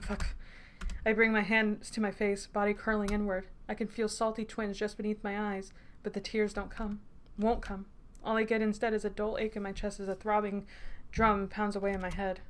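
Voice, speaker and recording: A woman's voice: mid-range voice, level tone, a little fast, slight background noise. A woman streamer reading a text game aloud in first person, breaking off for joking asides. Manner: joking asides between narration.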